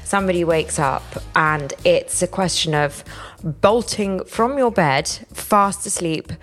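A woman's voice: on the low side, measured pace, soft background music. A middle-aged woman co-hosting a casual chat, telling stories with animation and laughter. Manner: animated storytelling, bursts of laughter. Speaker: podcast co-host.

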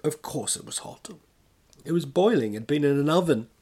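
A man's voice: fairly high pitch, expressive, normal speed, darkish tone, breathy edge. A man rambling in casual, self-mocking chat as a podcast host, talking from home while recovering from illness.

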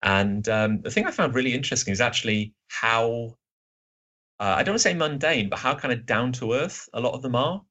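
A man in his thirties, a podcast guest, chatting in a rambling, self-deprecating way with lots of fillers and a slightly husky voice. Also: mid-range voice, brisk, bright, forceful tone. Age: 30s. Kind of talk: casual podcast chat.

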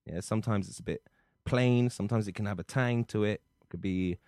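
A man's voice: lowish voice, fairly quick, darkish tone, no room sound. A man hosting a comedy podcast in a studio, teasing his co-host and joking. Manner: joking, teasing, mock-outraged. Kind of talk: casual comedic chat.

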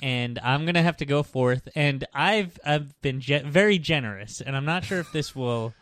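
A man's voice: a little high, normal speed, fairly bright tone. A man co-hosting a pop culture podcast, chatting casually with playful, teasing banter. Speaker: podcast co-host. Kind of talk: casual chat.

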